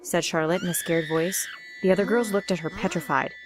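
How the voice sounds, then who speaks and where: A woman's voice: lowish voice, a little fast. A young woman giving a dramatic first-person storytime narration. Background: faint music.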